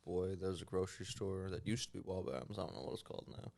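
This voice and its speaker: A man's voice: low voice, fast, gravelly, darkish tone. A man with a New York accent, co-hosting a podcast with dry, teasing remarks. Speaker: podcast co-host. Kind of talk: casual chat.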